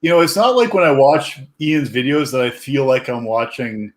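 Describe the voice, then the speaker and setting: A man's voice: mid-range voice, lively intonation, moderate pace. A man hosting a casual chat, rambling and searching for his words.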